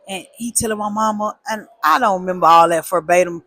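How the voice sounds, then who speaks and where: A woman telling a personal story in a casual, animated way, with emphatic repeats and slang. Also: mid-range voice, fairly quick, few pauses, dry recording.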